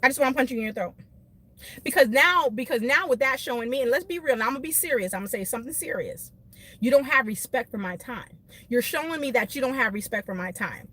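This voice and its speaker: A woman with a fairly high voice, venting emphatically to her live-stream viewers. She talks from her car, animated and quick to laugh, calling out viewers by name. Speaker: beauty vlogger doing a live stream.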